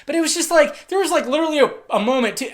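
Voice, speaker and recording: A young adult film reviewer giving a casual, ranting review, profane and excitable, swinging from low muttering to loud shouting. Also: rapid-fire.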